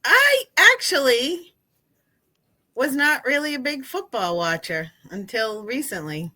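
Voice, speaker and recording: Chatty New England woman, bright voice. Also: high-pitched, sing-song, takes it slowly. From Massachusetts, raised in New Hampshire. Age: middle-aged. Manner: chatty, laughs often, self-mocking. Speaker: guest. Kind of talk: casual chat.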